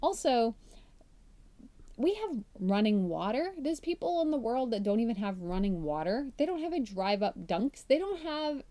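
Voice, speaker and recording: A woman's voice: a little high, very animated, moderate pace, mellow. A woman hosting a faith-based podcast, talking casually and chattily to her listeners, poking fun at herself and laughing often. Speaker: podcast host.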